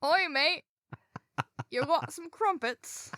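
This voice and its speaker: A cheeky, overdone mock English bloke, put on by a woman for a laugh. The voice sits a little high and sounds bright and sharp. It is recorded close and dry. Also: fairly even intonation, fast talker, dry recording. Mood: teasing. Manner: over-the-top mock slang. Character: jokey fake English bloke.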